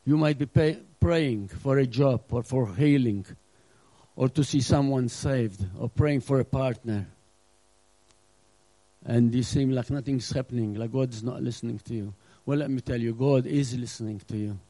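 A middle-aged male pastor preaching a sermon with earnest emphasis, now and then acting out scenes and dropping to a hush. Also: mid-range voice, a little slow, no echo, low-quality recording. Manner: earnest preaching with acted-out asides, drops to a hush.

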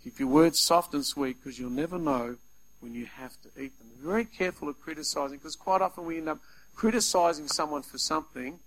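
A man preaching a sermon, lively, acting out little scenes as he talks. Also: fairly high pitch, a little fast, rough recording. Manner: animated, acts out little scenes in quoted voices.

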